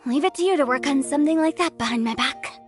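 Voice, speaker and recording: A mischievous young funeral director who teases and sighs with theatrical flair, played by a woman. Her voice sits high. Soft game music runs underneath. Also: fast talker, lightly acted. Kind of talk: game voice acting.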